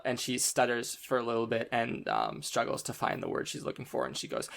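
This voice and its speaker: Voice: medium pitch, fairly quick, vocal fry, hardly any pauses, a bit bright. A game master narrating a tabletop game in a casual way, with lots of ums and uhs. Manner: casual, filler-heavy narration with frequent ums.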